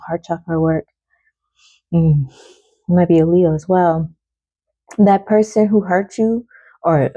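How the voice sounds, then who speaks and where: A woman talks through an oracle card reading in a relaxed, chatty way, with casual swearing and frequent laughter. Her voice is mellow and warm. The sound is dry and close to the mic. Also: on the low side, no room sound, highs cut off.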